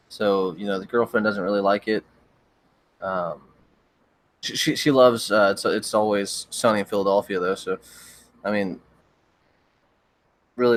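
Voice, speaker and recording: A young man hosting a livestream, chatting casually with viewers in a relaxed, rambling way with frequent stammered restarts. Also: on the low side, no room sound. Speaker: livestream host. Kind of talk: casual chat reading viewer comments.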